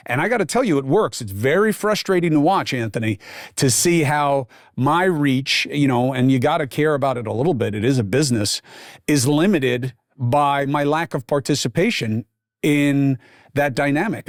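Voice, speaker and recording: A man's voice: fairly high pitch, dry recording. A man hosting a podcast, delivering blunt, profane, sarcastic political commentary into a close microphone. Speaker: podcast host.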